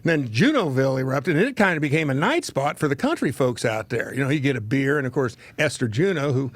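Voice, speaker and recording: With no room sound, a talk show host in his seventies speaks at a quick pace in an expressive, medium-pitched voice. He rambles through a folksy childhood story and cracks himself up with his own tales.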